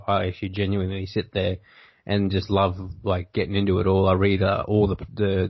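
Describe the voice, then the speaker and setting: A man's voice: low voice, dry recording. An Australian man hosting a podcast in casual chat, rambling and interrupting himself. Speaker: podcast host. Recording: dull lo-fi audio.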